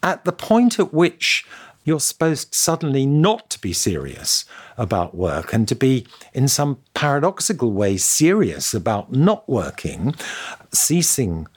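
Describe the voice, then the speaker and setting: A man's voice: mid-range voice, sing-song, measured pace, slightly rough. A man being interviewed as an author, talking in a reflective, digressive way and spinning wry anecdotes. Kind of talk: reflective conversational storytelling.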